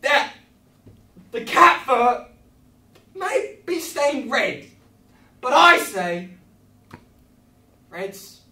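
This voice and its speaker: A man plays a rambling host of a children's craft show, talking in a high, wildly swooping voice with fake-cheerful reassurance. He is caught from across a small, echoey comedy venue. Faint noise hangs under the recording. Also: big pitch swings, moderate pace, pauses often, fairly bright tone. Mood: chirpy instructional. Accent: English. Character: bumbling male kids' craft-show host. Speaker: improv performer. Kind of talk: live improv comedy scene. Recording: roomy distant mic, live audience laughter.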